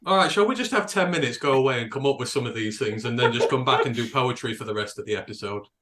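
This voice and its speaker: British male co-host, excitable, rambles with restarts. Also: mid-range voice, fast. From England. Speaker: podcast co-host. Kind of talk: casual chat.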